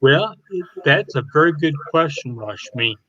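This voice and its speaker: A man in his fifties talks as a podcast guest with an upbeat, joking manner and an unhurried pace. The recording is dry and slightly muffled. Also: fairly high pitch, expressive, bright, forceful tone, dry recording. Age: 50s. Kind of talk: interview talk.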